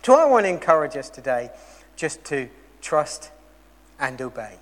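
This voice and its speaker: A man preaching a sermon, telling a story earnestly and moving between loud emphasis and quiet intensity. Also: fairly high pitch, very animated, moderate pace, in a large hall.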